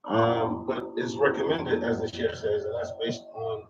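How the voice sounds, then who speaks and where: A man's voice: medium pitch, fairly even intonation, unhurried. A man teaching a religious text, reading lines in Arabic and then explaining them in English, with frequent hesitations. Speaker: Islamic studies teacher. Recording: distant, echoey, dull and noisy.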